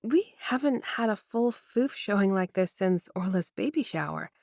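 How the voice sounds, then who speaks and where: A woman reading a first-person romance audiobook with intimate, expressive storytelling. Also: medium pitch, normal speed, no echo, clean studio sound. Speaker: audiobook narrator.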